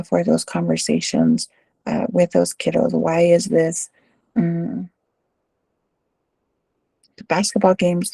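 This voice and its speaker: A woman's voice: lowish voice, creaky, mellow, husky, no echo. A middle-aged woman with a Texan accent, a school administrator answering interview questions in a casual storytelling way, with lots of fillers and "right?" tags.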